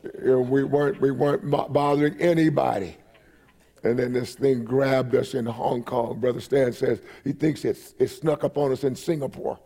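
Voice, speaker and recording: A man's voice: medium pitch, steady tone, moderate pace, mellow. A man in his forties preaching a sermon while he has a cold, reading scripture aloud and repeating phrases for emphasis. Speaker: pastor.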